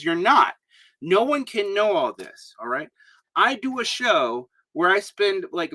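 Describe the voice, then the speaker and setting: A man's voice: on the high side, pushed and bright. A man hosting a casual live stream, answering chat questions in a rambling, digressive way with blunt asides. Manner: rambling, digressive, with many fillers; blunt, emphatic.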